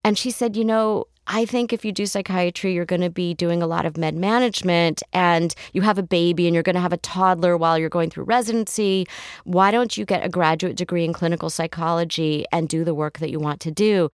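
Middle-aged woman guest, low-ish voice, dry close mic, animated storyteller who acts out quotes. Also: brisk, clear, resonant tone, no room sound. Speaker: guest, therapist. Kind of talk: casual interview storytelling.

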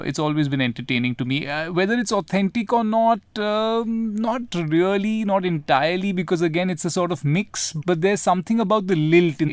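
A man speaking as a panel guest, measured and thoughtful, with frequent hesitant restarts. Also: on the high side, smooth, dry recording. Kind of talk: casual panel discussion.

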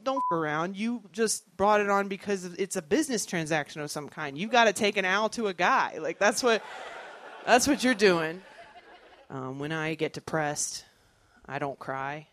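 A stand-up comedian in their thirties telling jokes in an animated way and acting out other people's voices. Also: mid-range voice, moderate pace, slight background noise.

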